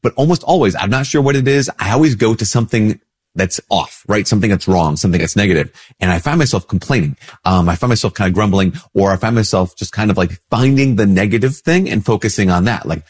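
A priest with a cold, talking in a relaxed conversational way and acting out little everyday exchanges. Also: male voice, on the low side, fast talker, breathy edge. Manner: conversational, acts out little dialogues. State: congested with a cold. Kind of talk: casual spoken reflection.

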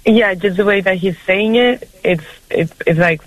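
A woman calling in to a radio advice show over a phone line. She speaks in hesitant, halting phrases and often stops to restart a sentence. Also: medium pitch, no echo. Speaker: caller.

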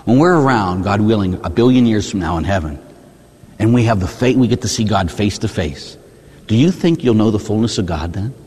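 A man's voice: fairly low pitch, lively intonation, brisk, a little mellow, breathy edge, big-room sound. A man, a Catholic priest, giving a conversational sermon. He keeps asking his listeners short rhetorical questions and acts out prayers and complaints in changed voices. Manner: asks the listeners short rhetorical questions, often ending with "huh?".

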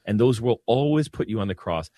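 A man's voice: lowish voice, a little fast, dry recording, studio quality. A man who is a Catholic priest, talking earnestly in a casual discussion, often restarting his sentences. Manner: earnest, animated, many restarts.

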